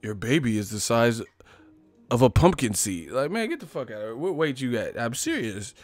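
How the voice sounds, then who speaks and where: A man's voice: medium pitch, sing-song, moderate pace, soft background music. A man hosting a boxing channel, riffing in a loose, profane comedic rant and laughing often. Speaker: boxing commentator.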